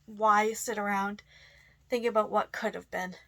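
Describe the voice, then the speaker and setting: Woman vlogger, laid-back and chatty, a bit of fry in a medium-pitched voice. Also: flat delivery, normal speed, pushed and bright. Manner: chatty, lots of fillers and laughs. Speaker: goth vlogger. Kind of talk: casual answers to a tag video.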